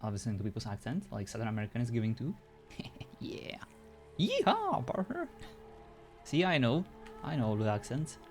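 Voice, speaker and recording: A man's voice: on the low side, lively intonation, quick pace, a little mellow, faint music behind. A European man chatting casually with viewers as a streamer, laughing often and joking around.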